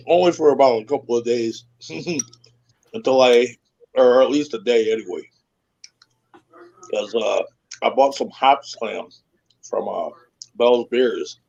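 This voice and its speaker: A man's voice: medium pitch, creaky, darkish tone, slightly rough, lo-fi sound. A laid-back man chatting on a call, chuckling often between remarks. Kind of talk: casual chat.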